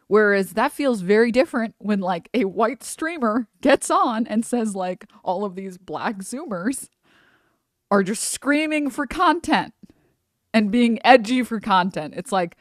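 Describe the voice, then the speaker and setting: A woman's voice: mid-range voice, animated, measured pace, no room sound, clean studio sound. A woman streamer chatting casually as she reacts to a video, rambling with many fillers and nervous laughs.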